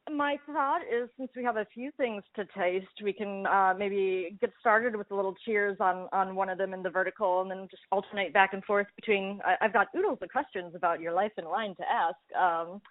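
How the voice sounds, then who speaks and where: A woman's voice: medium pitch, steady tone, brisk, hardly any pauses, no echo. A woman hosting an interview, bubbly and rambling, often restarting her sentences. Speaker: interviewer, podcast host. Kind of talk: casual interview. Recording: dry, phone-like call audio.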